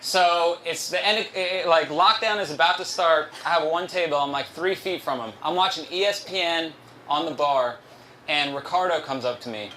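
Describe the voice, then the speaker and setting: A man's voice: on the high side, moderate pace, sharp tone, a little hiss or hum. A young man doing a stand-up comedy set at a live show, telling rambling, profane stories and laughing at his own jokes.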